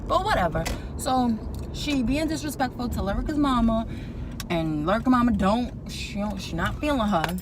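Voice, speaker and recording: This young woman, with a fairly high pitch and a moderate pace, recaps a reality show episode in a casual vlog. Her delivery is animated, sassy, and colloquial, packed with opinions, and clear background noise carries vehicle sounds.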